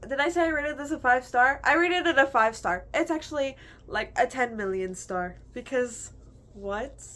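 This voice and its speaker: A woman's voice: high voice, moderate pace, fairly bright tone. Gushing young woman chatting about books. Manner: gushing, chatty, heavy use of "like". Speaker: book reviewer. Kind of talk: casual book review chat.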